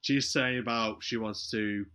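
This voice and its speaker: On a podcast, a man casually recounts a film's plot in a lowish, unhurried voice that is clear and resonant. His retelling is animated, and he acts out the characters' lines as he goes.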